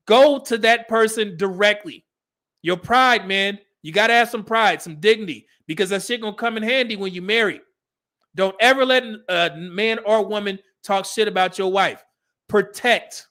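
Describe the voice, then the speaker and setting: A man's voice: high voice, sharp tone. A middle-aged man from California, hosting a casual commentary stream and giving blunt, profane advice. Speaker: host.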